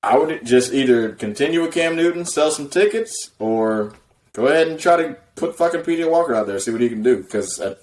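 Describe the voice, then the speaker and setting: A man's voice: mid-range voice, expressive, fairly quick, a little mellow. A man co-hosting a podcast on a video call, talking sports in a laid-back, blunt, slangy way. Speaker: podcast co-host. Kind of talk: casual sports chat.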